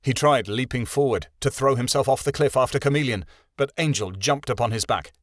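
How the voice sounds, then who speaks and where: A man's voice: medium pitch, brisk, no echo, studio quality. Man narrating a fantasy audiobook.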